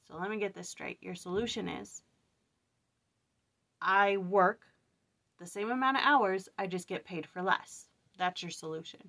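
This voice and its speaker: A woman talking casually in a scripture study vlog, tired and venting, telling an animated story about a hard day at work. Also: medium pitch, a little slow, creaky, long pauses. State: weary. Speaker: vlogger.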